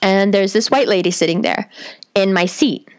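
Profane, animated woman storyteller. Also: moderate pace. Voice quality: deep, bassy voice. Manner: profane, animated, self-mocking. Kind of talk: comic personal storytelling.

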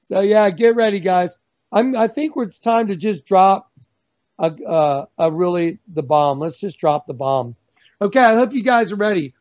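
A man giving a fervent, emphatic religious testimony as a guest on a video call, slowing down to stress key words. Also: high-pitched, darkish tone. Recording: dull lo-fi sound.

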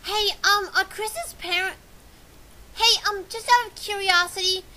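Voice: very high voice, steady tone, measured pace, very noisy. A fan dubber recording takes, hesitant and full of ums and restarts. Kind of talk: fan dub blooper takes.

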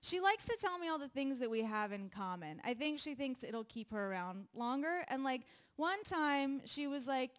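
A woman's voice: sits high, sing-song, moderate pace, hardly any pauses. A young woman doing a stand-up comedy set on a live stage, chatty and self-deprecating, laughing between her jokes. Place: live venue with an audience.

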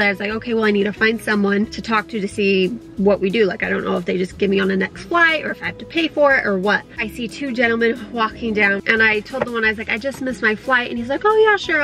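A young woman telling a story to her viewers in a casual, animated way, often laughing. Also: a little high, poor audio. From Utah. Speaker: vlogger.

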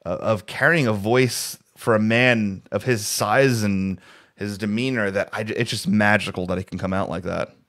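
A man's voice: fairly low pitch, fairly even intonation, moderate pace, fairly bright tone. Rambling male co-host on a video call. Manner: rambling, full of restarts and fillers. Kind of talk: casual pop culture chat.

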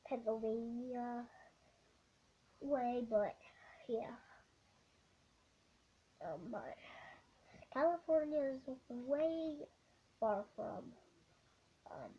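Rambling young vlogger, lots of ums. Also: female voice, a little high. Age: child. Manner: halting, many ums and restarts. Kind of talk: rambling casual vlog. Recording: muffled lo-fi camera audio.

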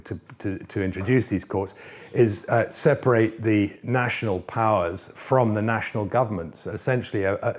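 A middle-aged man answering members' questions in a livestreamed Q&A, hesitant, with many fillers and restarts. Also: low-pitched. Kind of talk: livestreamed Q&A, reading out messages.

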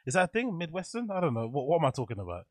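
A man's voice: fairly high pitch, sing-song, racing, no room sound, studio quality. A man streaming casual reaction commentary, incredulous and laughing often.

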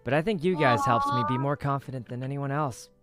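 A shy, soft-spoken young man chatting casually on a gaming stream, giggling as he thanks viewers. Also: medium pitch, a little fast, over music.

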